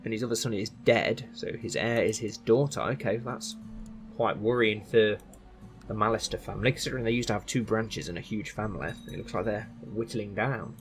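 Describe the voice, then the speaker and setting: A man's voice: on the low side, a little fast, music in the background. A man casually commentating on his strategy game and thinking aloud. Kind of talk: casual let's-play commentary.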